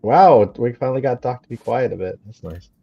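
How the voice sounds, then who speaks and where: A man's voice: medium pitch, expressive, creaky, slightly rough, no echo, soft background music. A man co-hosting a podcast in casual chat, joking and teasing the others. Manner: joking and teasing, quick to laugh. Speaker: podcast co-host. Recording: dull lo-fi audio.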